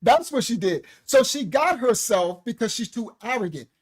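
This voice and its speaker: A man with a high voice hosts a loose comedic commentary. He laughs often and jumps into short acted-out conversations as he talks. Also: normal speed, poor audio. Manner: animated, laughs often, acts out quotes. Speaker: online show host.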